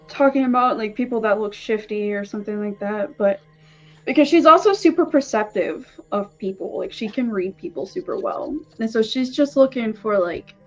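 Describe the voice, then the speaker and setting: A woman's voice: medium pitch, dull audio. A woman chatting casually as a player in a tabletop game, with frequent fillers.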